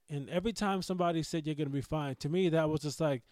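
Mellow-voiced man rambling through a story. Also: on the high side, quick pace, few pauses, no room sound. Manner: rambling, profane, full of restarts. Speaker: podcast host. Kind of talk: casual storytelling monologue.

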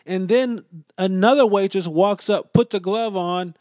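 A man telling a story in a casual rant, profane and exasperated, sometimes dropping to low muttered asides. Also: measured pace, darkish tone, dry recording, clean studio sound.

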